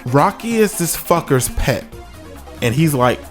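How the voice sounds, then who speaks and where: A man telling a comic story from his own life, with sudden high-pitched exclamations. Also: expressive, measured pace. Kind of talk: comedic story time. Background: faint music.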